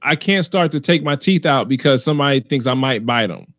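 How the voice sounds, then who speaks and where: A man's voice: medium pitch, lively intonation, fairly quick, a bit bright, no echo. A man, a comedian, talking in a casual chat, arguing his point emphatically and repeating himself as he goes.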